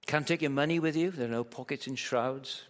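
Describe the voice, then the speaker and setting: A man's voice: medium pitch, brisk. A man preaching a sermon at a church camp, telling a story vividly and pressing his points with emphatic rhetorical questions. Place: large hall at a church camp. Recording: long hall reverb.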